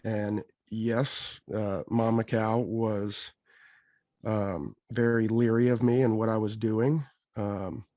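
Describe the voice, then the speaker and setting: A man co-hosting a podcast, telling a long, rambling story in a casual, animated way. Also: fairly low pitch, takes it slowly, no room sound. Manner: rambling, animated, quotes others in his telling. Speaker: podcast co-host.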